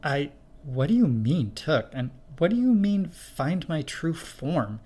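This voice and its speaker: A man's voice: on the high side, animated, voice pushed up. A man reading the part of a nervous, hesitant young man who stumbles over his words. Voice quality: hesitant, halting.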